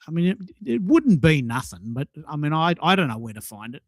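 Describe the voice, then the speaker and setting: A man's voice: on the high side, animated, a little fast, few pauses, dry recording. A man co-hosting a podcast, talking casually and enthusiastically, often repeating and restarting words. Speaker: podcast co-host. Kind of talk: casual chat.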